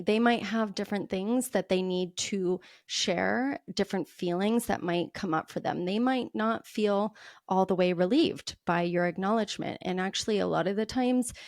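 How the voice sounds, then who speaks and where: A woman hosting a solo parenting podcast, explaining calmly and acting out what a parent might say. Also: on the low side, creaky, no echo, clean studio sound. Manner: calm, explanatory, acts out parent quotes. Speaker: podcast host.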